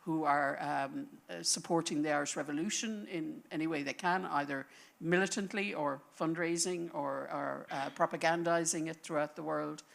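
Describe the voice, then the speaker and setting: Woman on a panel, low voice, chatty storytelling, thinks out loud as she goes. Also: normal speed, vocal fry. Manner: animated storytelling, thinking aloud. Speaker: panel speaker on history. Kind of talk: conversational panel talk. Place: lecture panel before an audience.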